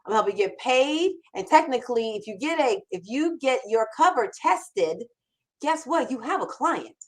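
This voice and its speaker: On a rough recording, a high-voiced woman speaks at a moderate pace with big swings in pitch. She's a copywriting mentor and show host running a live Q&A, and her delivery is emphatic and chatty, full of restarts.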